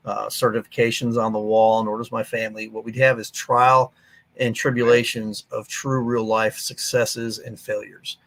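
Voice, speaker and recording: A man's voice: lowish voice, a bit bright. Blunt, candid male veteran storyteller. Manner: blunt, candid storyteller with plain soldier talk. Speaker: guest, veteran organization leader. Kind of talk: casual podcast conversation.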